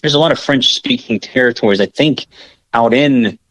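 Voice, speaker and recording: A man's voice: medium pitch, normal speed, fairly bright tone, dry recording, low-quality recording. An American man co-hosting a podcast in casual chat, rambling and correcting himself with lots of filler. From United States. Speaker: podcast co-host.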